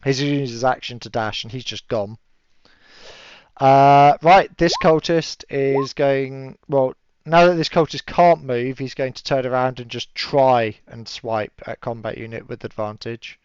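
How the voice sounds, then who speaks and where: A man's voice: medium pitch, measured pace, a little mellow, clean tone, no room sound. A man running a tabletop game as game master, chatty and laughing often, with lots of fillers. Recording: dull lo-fi audio.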